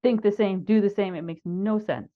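A woman's voice: mid-range voice, steady tone, normal speed, phone-quality sound. A woman coach, a podcast guest, chatting earnestly and with emphasis. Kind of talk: casual podcast chat.

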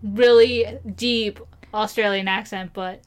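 A woman from Maryland co-hosting a podcast in casual chat, playful and quick to laugh. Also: mid-range voice, steady tone, clean tone. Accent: Maryland American. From Maryland, USA. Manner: giggly, playful, quick asides. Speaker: podcast co-host.

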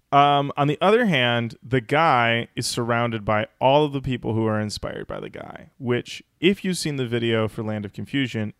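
A man co-hosting a podcast in a relaxed, joking manner, reading out listener comments and riffing on them. His voice sits at an ordinary middle pitch and sounds close and dry, with no room around it. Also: gravelly, no echo. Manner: reads listener comments aloud with jokey asides. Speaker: podcast co-host. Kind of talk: casual comedic chat.

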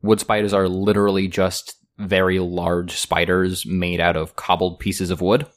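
A man acting as game master, narrating a tabletop fantasy game in an unhurried, descriptive way. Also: low voice, level tone.

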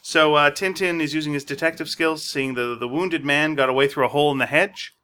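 A man co-hosting a podcast, casually recapping a comic story with many filler pauses. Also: a little high, steady tone, bright, forceful tone, smooth. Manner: meandering with frequent uh fillers. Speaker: podcast co-host.

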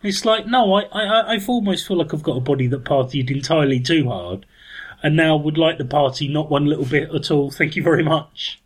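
A man's voice: a little high, a little fast, husky. A man co-hosting a podcast in casual chat, wry and self-mocking, rambling through his points. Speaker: podcast co-host.

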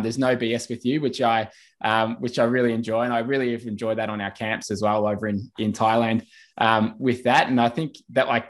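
Rambling male podcast host. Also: medium pitch. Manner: rambling questions with many fillers. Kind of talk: casual interview questions.

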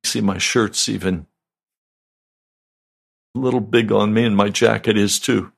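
An older man, a pastor, giving a slow, deliberate, conversational sermon. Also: on the low side, steady tone, creaky, slightly rough.

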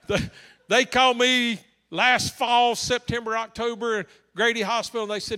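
A man's voice: very high-pitched, fairly even intonation, a little slow, bright, forceful tone, smooth. A male pastor preaching a story-driven sermon, impassioned and swinging between solemn and joking.

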